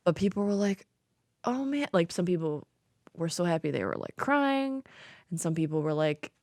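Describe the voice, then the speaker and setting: Chatty laughing woman, lowish voice. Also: lively intonation, normal speed, a little mellow, no echo, clean studio sound. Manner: chatty, laughs often, many fillers. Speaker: podcast co-host. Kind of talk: casual chat.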